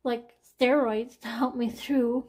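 Woman, forties, personal vlog, anxious, near tears, halting, sighing, swearing, slow, higher voice. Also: flat delivery, a little mellow. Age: 40s. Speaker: vlogger. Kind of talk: candid personal vlog talk.

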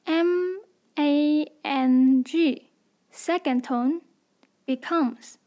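Very slow, high-voiced woman teaching pronunciation. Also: warm tone. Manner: spells out letters one by one, slow and deliberate. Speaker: language teacher. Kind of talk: slow instructional pronunciation drill.

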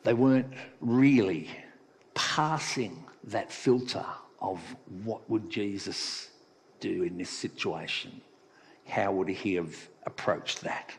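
A man preaching a sermon as pastor, talking in a relaxed, conversational way and telling a playful joke. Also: on the low side, takes it slowly, slightly rough. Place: church hall. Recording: long reverb of a church hall.

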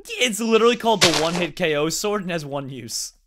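An excitable young man talks through a game in a high, lively voice that leaps all over the place. He yelps and shouts when danger hits, on a home mic with clear noise behind him. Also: quick pace. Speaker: gaming YouTuber. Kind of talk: excited gaming commentary.

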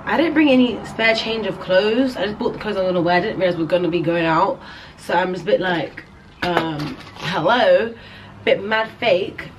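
Young British woman, casual vlog host, upbeat and chatty, mid-pitched, noisy background. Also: brisk. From England. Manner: chatty, upbeat, addressing viewers directly. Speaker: vlogger.

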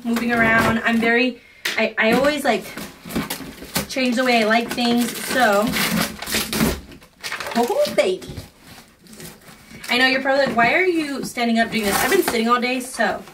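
A woman in her twenties chatting casually in a crochet vlog from her home office, gushing and excitable. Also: on the high side, normal speed, long pauses, distant mic, very noisy. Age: 20s. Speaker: crochet vlogger.

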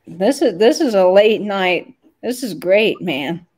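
A woman chats as a guest, easygoing and quick to agree and laugh along. Her voice has a middle pitch and a plain, relaxed delivery. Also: husky. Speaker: guest co-host. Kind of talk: casual chat.

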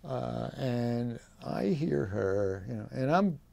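Gravelly-voiced old man telling stories. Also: medium pitch, animated, takes it slowly, mellow, a little hiss or hum. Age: 80s. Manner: rambling storytelling with many fillers and laughs; voices quoted people in livelier tones. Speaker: veteran interviewee. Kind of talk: oral history interview.

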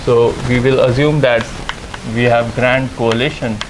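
A man giving a university lecture, explaining step by step with frequent "uh" and "okay" pauses. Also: medium pitch, steady tone, noisy background. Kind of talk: classroom lecture on game theory.

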